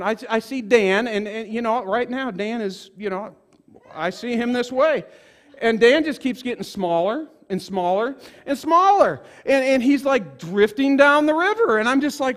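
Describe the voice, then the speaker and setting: A pastor telling a lively story in a sermon, acting out voices and exclamations. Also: male voice, very high-pitched, moderate pace. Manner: animated storyteller, acts out voices.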